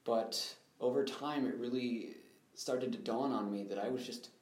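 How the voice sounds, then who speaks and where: A man's voice: mid-range voice, unhurried, darkish tone. A young man, a guest in an interview, recounting his life story in an earnest, reflective way. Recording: roomy echo.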